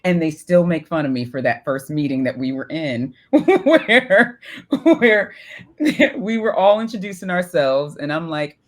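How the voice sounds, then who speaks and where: Low-voiced woman telling a personal story. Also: sing-song, a little slow. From Syracuse, New York. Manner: laughs often, says "right?" a lot. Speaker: podcast co-host. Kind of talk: casual chat.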